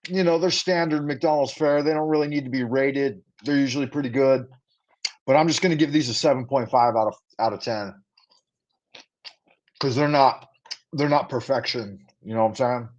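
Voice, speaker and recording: A livestream host reviews food casually, playing to his viewers with rhyming patter and asides. His mid-range voice moves at a moderate pace, and his livestream setup gives dull audio.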